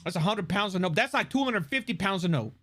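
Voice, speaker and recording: A man's voice: sits high, fast. A man streaming live, chatting casually and animatedly with lots of swearing and laughter. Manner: animated, profane, laughing often.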